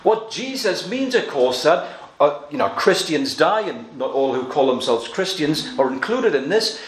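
Earnest preacher in an echoey hall. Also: male voice, fairly high pitch, very animated. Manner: earnest, emphatic, slows down to stress quotes. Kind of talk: sermon.

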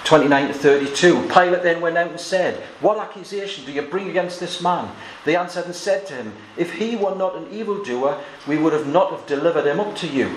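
A man with a slightly high voice preaches through a scripture passage, reading verses aloud and commenting on each one. The recording has a noticeable room echo and a faint hiss underneath. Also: fairly quick, hardly any pauses. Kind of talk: expository sermon with scripture reading. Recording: echoey room with faint noise.

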